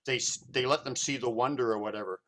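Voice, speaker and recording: A man's voice: mid-range voice, fast, bright, forceful tone. A man hosting a casual interview show, talking loosely and filling his sentences with "you know" and "whatever". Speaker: show host.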